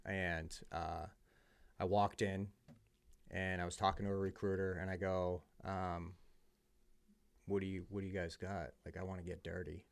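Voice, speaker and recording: Middle-aged man, from the US, gravelly fry, low voice, candid conversational storyteller. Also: little pitch movement, moderate pace, pauses often. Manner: candid, conversational, drops to a hush at emotional moments. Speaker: podcast guest. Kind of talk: casual storytelling.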